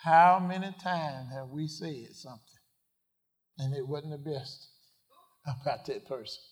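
A man preaching a sermon, asking the congregation questions and swinging from quiet asides to loud declarations. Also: a little high, unhurried. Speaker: pastor.

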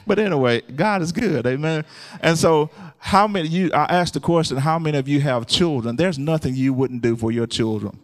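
At a moderate pace, a man preaches a call-and-response sermon. He laughs frequently and shouts hallelujahs while his voice rises higher and louder.

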